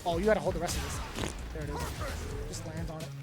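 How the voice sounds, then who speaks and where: A man commentating a live fighting game tournament, excitable and slangy, often laughing mid-call. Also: fairly high pitch, fast talker, loud music behind the voice.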